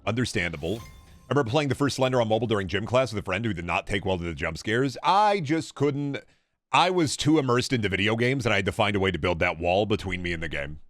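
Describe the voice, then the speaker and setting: A young man with a fairly low, bright voice streams a video game, chatting casually and answering his viewers as he plays. He talks fast and expressively, rambling between thoughts and swearing freely, with no echo on the recording.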